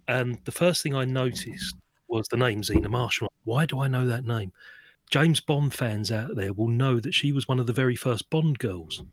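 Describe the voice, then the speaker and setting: A man co-hosting a casual film podcast, sharing trivia in an informative, anecdotal way. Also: medium pitch. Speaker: podcast co-host.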